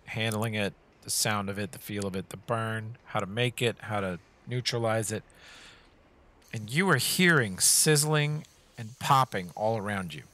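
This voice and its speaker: A man's voice: lowish voice, measured pace, bright, forceful tone. A man running a tabletop game as game master, giving vivid descriptive narration and calling for dice rolls.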